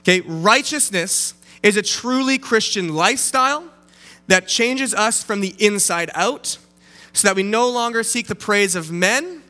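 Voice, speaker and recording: A young man from Canada preaching a casual sermon, chatty and animated, often checking in with "okay?" as he tells a personal story. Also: sits high, a little slow. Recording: long hall reverb.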